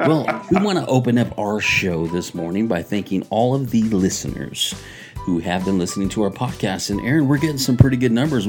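A man's voice: mid-range voice, a little mellow. A man co-hosting a faith podcast from a church radio studio, chatty and upbeat, sometimes reading passages aloud. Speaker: podcast co-host. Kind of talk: casual radio chat.

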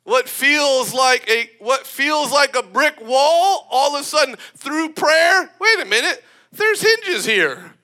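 A man preaching a sermon in an animated, emphatic way, often breaking into laughter. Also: very high-pitched, a little slow, hardly any pauses.

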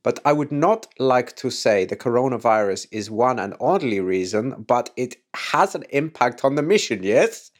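A man doing an impression of an earnest male space agency director with a deliberately clumsy foreign accent. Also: mid-range voice, animated, close to an everyday voice.

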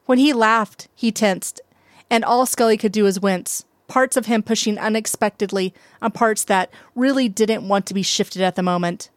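A woman's voice: medium pitch, normal speed, no room sound. Woman narrating a story, dry close sound. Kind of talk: reading fan fiction aloud.

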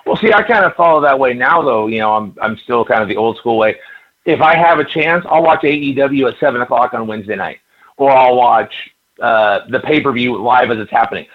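A man in his fifties rambles through anecdotes with frequent stammers in a relaxed interview chat. His voice sits at an ordinary middle pitch. The recording is dull and lo-fi. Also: brisk. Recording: dull lo-fi audio.

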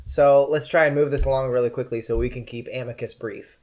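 A man's voice: medium pitch, fairly quick. Jokey male game master. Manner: lively and jokey. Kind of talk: narrating a tabletop game.

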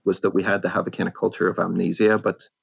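A man with a Northern Irish accent, an author answering interview questions in a thoughtful, musing way that often trails off softly. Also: sits low, level tone, quick pace, gravelly, slightly rough, no room sound, highs cut off. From Northern Ireland. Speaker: author guest.

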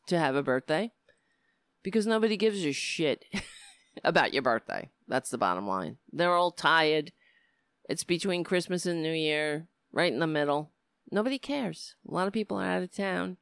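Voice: medium pitch, creaky, fairly bright tone, clear, resonant tone, no room sound, studio quality. A middle-aged livestream host talking straight to viewers, ranting in a heated, profane way and sometimes slipping into easygoing chat. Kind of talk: casual livestream talk.

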